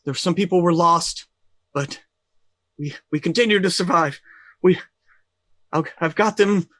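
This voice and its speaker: A man voicing an excited male townsman on the radio, stammering and urgent as he reports the evacuation. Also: high voice, measured pace, no echo, pitched above the performer's own voice. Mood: urgent relief.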